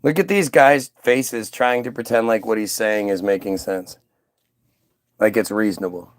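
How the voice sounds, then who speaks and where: A man's voice: lowish voice, normal speed, no room sound. A man ranting in casual commentary, sarcastic and profane, mocking people as he reacts to clips.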